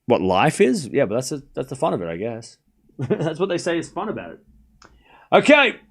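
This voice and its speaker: A man's voice: medium pitch, very animated, creaky, a little mellow, husky. Joking man hosting a tennis stream. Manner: joking, teasing chat, quick swings to mock anger. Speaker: livestream host calling tennis scores. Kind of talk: casual live watchalong commentary, reading chat.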